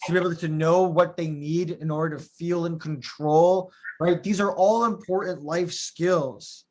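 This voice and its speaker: A man hosting a live interview show, with his voice pitched a little high. He speaks emphatically and often underlines his own views. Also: steady tone, measured pace, a little mellow. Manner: emphatic, shares strong opinions. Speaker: host of a live talk show. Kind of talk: conversational interview.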